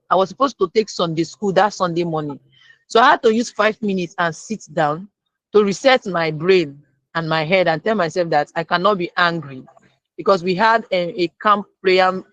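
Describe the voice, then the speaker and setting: Guest testimony, lively storytelling, mid pitch, dry. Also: no room sound, highs cut off. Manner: lively retelling that acts out the people in the story. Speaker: guest sharing a personal lesson.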